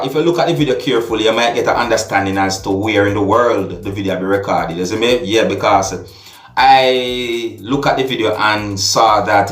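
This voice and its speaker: A man with a Jamaican accent giving casual video commentary as a vlogger, often checking in with the listener through quick tag questions. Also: fairly low pitch, fairly bright tone. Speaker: vlogger commenting on a viral clip. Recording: echoey room with faint music.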